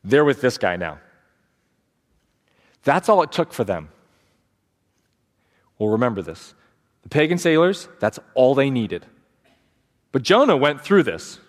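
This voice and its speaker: A man's voice: mid-range voice, big pitch swings, a little slow, long pauses. A man preaching a sermon as pastor, storytelling with energy and acting out the quotes in changing voices. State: sleep deprived. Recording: long hall reverb.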